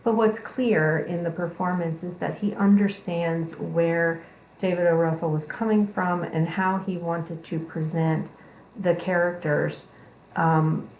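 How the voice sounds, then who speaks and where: A woman instructor giving a conversational lecture, pausing often with ums. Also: on the low side, steady tone, vocal fry, a little mellow, slight background noise. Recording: echoey room.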